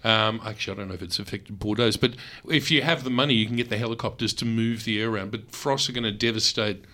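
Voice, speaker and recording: A man's voice: on the low side, steady tone, quick pace, bright, forceful tone. A man hosting a radio food show, talkative and jokey, throwing in teasing asides. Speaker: radio presenter. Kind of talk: casual radio interview.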